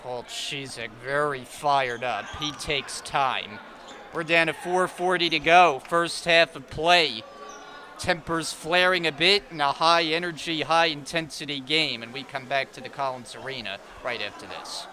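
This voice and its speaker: A man calling live college basketball play by play, with measured calls that rise into shouts on big plays. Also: fairly high pitch. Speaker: play-by-play announcer. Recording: loud crowd and arena noise. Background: loud crowd and bouncing ball.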